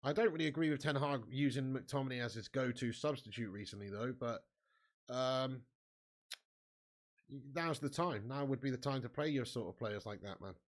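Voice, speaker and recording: A man's voice: medium pitch, moderate pace. A man hosting a live football watch-along, chatting casually with viewers and calling them mate and lad. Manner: erupts into angry shouting at the match.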